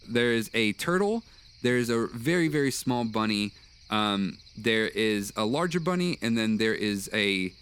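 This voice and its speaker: A man narrating a tabletop game as game master, halting with many fillers and restarts. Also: lowish voice, a bit bright, slight background noise.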